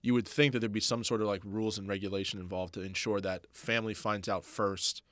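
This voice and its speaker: Man, podcast guest, low voice, fast, halting, dry sound. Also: little pitch movement, fairly bright tone, dry recording. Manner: fast, halting, with many restarts. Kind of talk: casual podcast chat.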